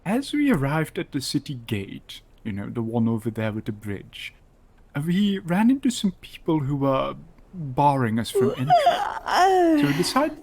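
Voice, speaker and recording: A man's voice: mid-range voice, huge pitch swings, moderate pace, a little mellow, slight background noise. A man roleplaying in character, telling a story in a dry, exasperated way over voice chat.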